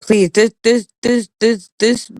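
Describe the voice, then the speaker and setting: A woman's voice: on the high side, flat delivery, slow pace, a little mellow, no echo, poor audio. A woman co-hosting a livestream in casual chat, talking bluntly and heatedly with a lot of cursing. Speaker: livestream co-host.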